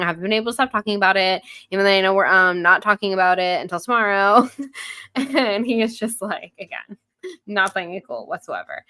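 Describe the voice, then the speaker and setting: A woman's voice: lowish voice, a little fast, pushed and bright, clean tone, dry recording. A woman co-hosting a podcast about a book, retelling the chapter casually and acting out the characters' lines. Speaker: podcast co-host. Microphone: headphones and studio mic.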